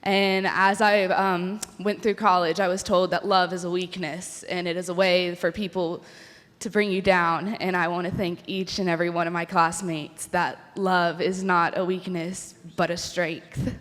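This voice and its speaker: A woman giving a heartfelt graduation speech, pausing and laughing as she thanks her classmates. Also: lowish voice, level tone, fairly bright tone. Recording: long hall reverb.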